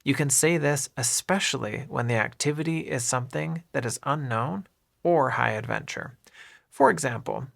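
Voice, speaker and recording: Speaking clearly and deliberately, a male English teacher models phrases in a scripted lesson narration and points out how words flow into each other. His mid-pitched voice is a bit bright, with a gravelly, creaky edge.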